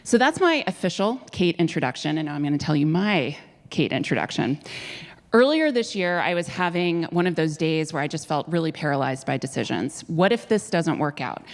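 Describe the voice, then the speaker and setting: A woman's voice: low voice, very animated, a little fast. A woman hosting a live onstage interview in front of an audience, chatty and upbeat. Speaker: guest host. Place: theater stage before an audience. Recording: long hall reverb.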